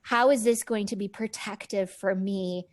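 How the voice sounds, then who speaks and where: A woman's voice: mid-range voice, steady tone, moderate pace. A woman psychologist, a guest on a podcast, talking in an earnest, enthusiastic way and often repeating words as she starts a thought. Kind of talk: conversational interview.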